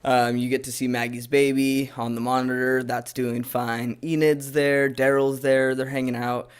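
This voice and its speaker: A young man talks through a TV episode in a relaxed, rambling way, leaning on fillers as he goes. His voice sits in a middling range for a man. It comes across as an easygoing home review. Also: medium pitch, normal speed, smooth. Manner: laid-back, rambling with fillers. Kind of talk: casual recap and review.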